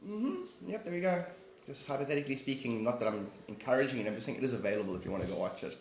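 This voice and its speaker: A man's voice: medium pitch, lively intonation, fast, a little hiss or hum. A man hosting a casual live stream, rambling, joking and greeting his viewers by name. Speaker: livestream host. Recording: echoey room with faint ambience.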